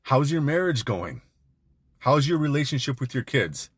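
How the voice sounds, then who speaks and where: A man's voice: medium pitch, big pitch swings, normal speed, slightly rough, no room sound, clean studio sound. A man giving an intense, blunt motivational monologue to other men, peppered with swearing. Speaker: men's self-help speaker.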